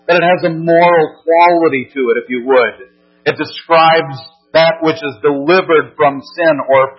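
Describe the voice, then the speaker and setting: A man's voice: medium pitch, husky. A man preaching a sermon as pastor, earnest and emphatic, repeating phrases and restarting as he builds his points. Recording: dull lo-fi recording with mains hum.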